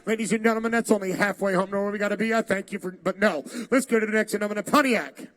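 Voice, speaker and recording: A man working as an auctioneer, chanting bid numbers in a rapid rhythmic stream with quick banter between lots. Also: high voice, fairly bright tone, a little hiss or hum. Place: large auction hall.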